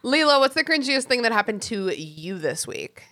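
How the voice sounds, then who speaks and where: Podcast co-host, female, teasing and giggly, bright tone. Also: on the high side, sing-song, normal speed. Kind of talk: casual chat.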